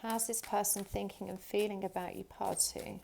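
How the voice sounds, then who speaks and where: Woman, tarot reader, vocal fry, mid pitch, chatty, casual fillers. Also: level tone, normal speed, slight background noise. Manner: chatty, warm-hearted, many ums and you-knows. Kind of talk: casual tarot reading to camera.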